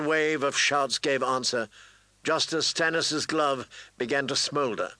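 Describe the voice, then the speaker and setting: A man reading fantasy fiction aloud in measured, deliberate scripted narration. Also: mid-range voice, bright, forceful tone, no room sound, low-quality recording. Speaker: audiobook narrator.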